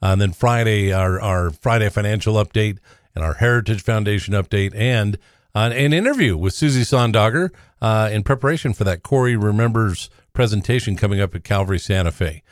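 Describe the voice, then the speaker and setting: Low-voiced talk radio host, halting. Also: male voice, dry recording, clean studio sound. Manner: halting, many "uh" fillers. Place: radio studio. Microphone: studio microphone.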